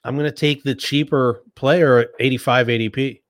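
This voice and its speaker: A man's voice: mid-range voice, steady tone, normal speed, no echo, clean studio sound. A man co-hosting a casual podcast, thinking aloud as he weighs a quiz answer. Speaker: podcast co-host. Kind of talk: casual fantasy football chat.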